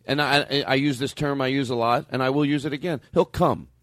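A man's voice: medium pitch, a little fast, dry recording, clean studio sound. A man hosting a comedy podcast, rambling and swearing in casual banter. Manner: profane, rambling, animated. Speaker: podcast host.

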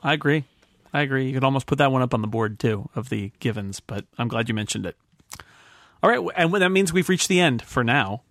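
A man's voice: mid-range voice, expressive, fairly quick, a bit bright, no echo, studio quality. A North American man hosting a podcast panel, chatty and jokey, laughing often as he wraps up. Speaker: podcast host. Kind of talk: casual panel podcast wrap-up.

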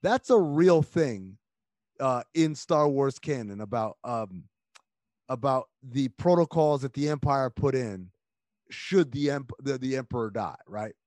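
A man talking casually and emphatically as a podcast guest, rambling with quick restarts. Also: medium pitch, lively intonation, darkish tone, dry recording. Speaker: podcast guest, basketball analyst.

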